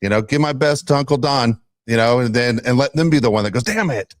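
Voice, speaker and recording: A man's voice: mid-range voice, quick pace, no echo, clean studio sound. A middle-aged man hosting a casual sports podcast, telling stories and ranting with frequent laughs. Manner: animated storyteller, ranting, laughs often. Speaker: podcast host.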